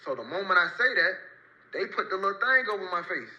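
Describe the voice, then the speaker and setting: A man's voice: high-pitched, sing-song, fast, pushed and bright, dull audio. A man telling a personal story casually and emphatically, often repeating his phrases. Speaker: storyteller in a played clip.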